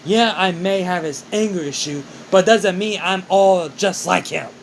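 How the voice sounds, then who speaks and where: A man's voice: high-pitched, a little slow, creaky, slight background noise, pitched above the performer's own voice. A man voicing a hot-tempered teenage boy hero who swears bluntly. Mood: angry.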